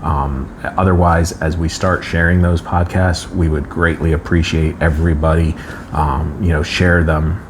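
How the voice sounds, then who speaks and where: A man co-hosting a live stream, earnest and halting, with many restarts. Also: a bass voice, level tone, background noise. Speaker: co-host.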